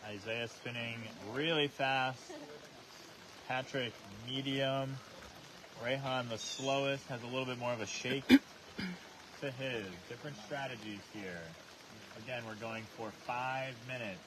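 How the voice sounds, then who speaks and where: Man, challenge host, steady instructive delivery, mid-pitched voice, noisy on-location recording. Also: a little slow. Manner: steady, instructive, calls himself monotone. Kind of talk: explaining rules and calling the challenge live.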